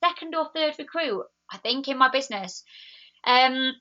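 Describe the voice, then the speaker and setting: Chatty woman, bright lo-fi sound. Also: high-pitched, animated, normal speed. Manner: chatty, enthusiastic, laughs easily. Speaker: network marketing team leader. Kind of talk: live video chat reading viewer comments. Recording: dull lo-fi sound.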